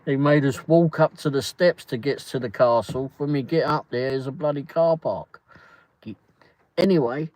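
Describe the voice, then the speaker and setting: A man's voice: mid-range voice, normal speed, a little mellow, dry recording, rough recording. A man chatting and telling stories on a livestream while driving at night in a car. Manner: chatty storyteller, laughs often. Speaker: livestream host. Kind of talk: casual chat while driving.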